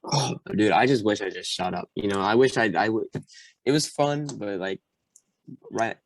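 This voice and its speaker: A young man recounts a tough experience as a podcast guest. His voice sits low and sounds dry, with no room around it. He tells it animatedly and slips into the voices of the people he quotes. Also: normal speed, no echo. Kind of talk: casual storytelling.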